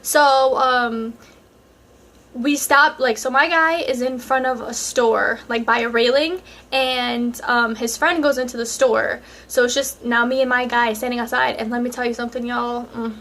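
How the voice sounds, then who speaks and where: A woman's voice: on the high side, steady tone, normal speed, a bit bright. A young woman vlogger telling a personal story in casual, chatty speech full of fillers, speaking straight to her viewers. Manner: chatty, many fillers, addresses viewers directly.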